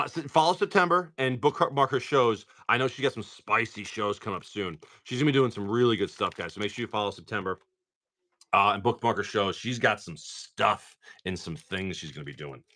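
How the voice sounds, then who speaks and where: A man's voice: on the low side, brisk, bright, forceful tone. A man chatting casually on a livestream, swearing freely and reading off card names as he opens packs. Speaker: livestream card-pack opener.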